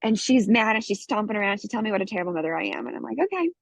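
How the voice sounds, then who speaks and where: A woman's voice: mid-range voice, racing, vocal fry, dry recording. A woman in her thirties, a guest on a parenting show, telling a family story and acting out the voices of her child and herself. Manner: lively storyteller who acts out her child's and her own lines. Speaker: guest, course student. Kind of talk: casual storytelling in an interview. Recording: dull, dry close recording.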